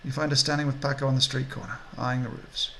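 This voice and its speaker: A man's voice: medium pitch, flat delivery, fast, gravelly, bright, forceful tone, a little hiss or hum, poor audio. A man hosting a game playthrough, reading the story text aloud with casual asides. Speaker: let's play host and reader.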